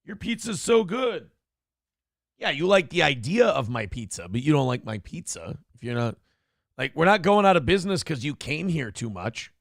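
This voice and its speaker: A man hosting a morning show, reacting to a clip with loud, profane mockery and shouting now and then. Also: a little high, very animated, moderate pace, creaky, dry recording, studio quality. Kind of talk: crude comedic commentary on a clip.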